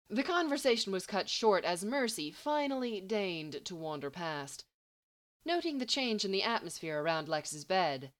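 Expressive woman narrating a story. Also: mid-range voice, measured pace. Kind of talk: audiobook narration.

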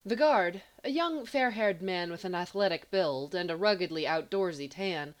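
A woman narrating a story in a steady, even reading voice. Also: lowish voice, moderate pace. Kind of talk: audiobook fiction reading.

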